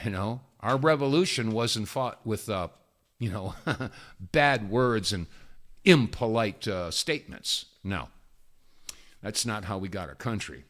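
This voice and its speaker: A man's voice: on the low side, expressive, measured pace, fairly bright tone. A man hosting a talk radio show, delivering an emphatic, opinionated monologue with folksy asides and repeated phrases.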